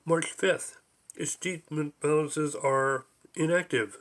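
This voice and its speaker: A man reading his own audiobook, with a dry, deadpan delivery of lists and figures. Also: on the high side, measured pace. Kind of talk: audiobook narration.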